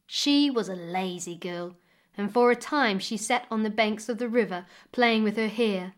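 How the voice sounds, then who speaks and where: A woman with a medium-pitched voice reads a folk tale aloud as a storyteller. Her narration is measured and expressive.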